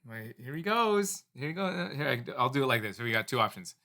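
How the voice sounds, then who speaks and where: Very animated and fast, barely pausing, this man has a mid-range voice that sounds pushed and bright. He's a reptile breeder talking to his snake in chatty, apologetic baby talk, playful throughout.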